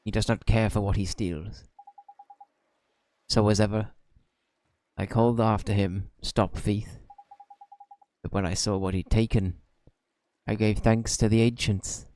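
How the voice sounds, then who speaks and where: Man reading a stiff old peddler, formal, hesitant, low dark voice. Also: flat delivery, unhurried, pauses often, natural voice. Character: formal, evasive older male peddler.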